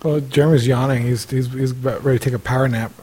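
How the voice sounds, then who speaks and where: A man co-hosting a casual podcast chat, with wry, deadpan remarks. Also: mid-range voice, fast. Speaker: podcast co-host.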